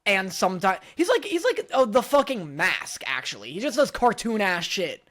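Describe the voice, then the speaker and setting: A man co-hosting a casual podcast, playful, whose lines often trail off into low mumbles. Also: big pitch swings, moderate pace, a bit bright. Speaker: podcast co-host.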